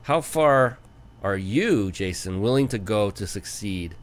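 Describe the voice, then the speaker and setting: A man hosting a business talk show, chatting enthusiastically and spelling out details slowly. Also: fairly low pitch, animated. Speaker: show host. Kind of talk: casual interview talk.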